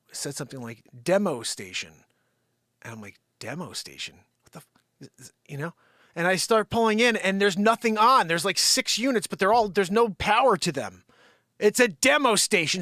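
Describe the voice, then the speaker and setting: A man hosts a live unscripted show and tells a long story in an animated, excitable rant. His voice sits a little high for a man. The sound is close and dry, with no room echo. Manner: animated, excitable, swearing-adjacent rants.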